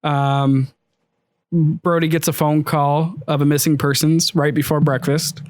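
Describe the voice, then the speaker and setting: A man's voice: fairly high pitch, flat delivery, measured pace, darkish tone, no echo. A man on a podcast, recapping a movie's plot in casual chat and laughing often. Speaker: podcast host.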